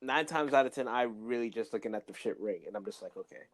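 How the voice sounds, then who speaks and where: A man's voice: mid-range voice, quick pace, no room sound. A man on a casual podcast, blunt and laid-back, swearing freely. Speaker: podcast co-host. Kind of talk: casual chat.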